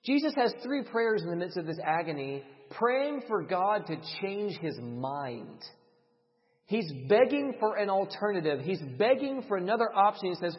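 A man's voice: high-pitched, very animated, moderate pace. Impassioned man preaching in a reverberant hall. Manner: dramatic, swings between loud emphasis and hushed delivery. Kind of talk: sermon. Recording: dull, reverberant hall sound.

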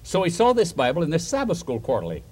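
A man preaching a storytelling sermon, an animated storyteller who chuckles between points and puts questions to his listeners. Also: fairly high pitch, fast, breathy edge.

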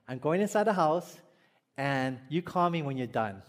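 Chuckling Hawaiian pastor, high voice. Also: male voice, lively intonation, moderate pace. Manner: storytelling, chuckling, asks the congregation questions. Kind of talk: sermon.

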